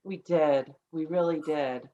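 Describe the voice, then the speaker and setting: A woman's voice: low voice, takes it slowly, mellow. A woman hosting a casual podcast interview, rambling with many fillers and restarts. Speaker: podcast host. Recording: slightly dull lo-fi audio.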